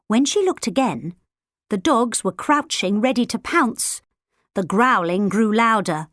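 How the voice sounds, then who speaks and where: A woman narrating a children's storybook audiobook in a lively, expressive way. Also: medium pitch, a little slow, no echo, clean studio sound. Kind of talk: storybook narration with character voices.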